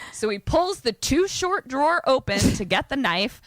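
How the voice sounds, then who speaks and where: Bright animated woman telling a story. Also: high voice, no room sound. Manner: animated storyteller, quick asides and laughs. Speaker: podcast co-host retelling a film. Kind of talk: casual chat.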